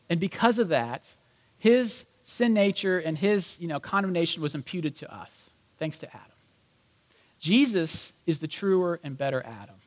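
A man preaching a sermon in a conversational, animated way, acting out the voices of people in the story. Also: on the high side, big-room sound. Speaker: pastor.

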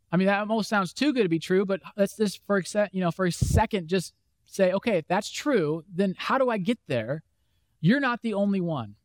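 A man's voice: high-pitched, no room sound. A man preaching a conversational sermon as a pastor, acting out the questions of imagined listeners. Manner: conversational, acts out imagined voices.

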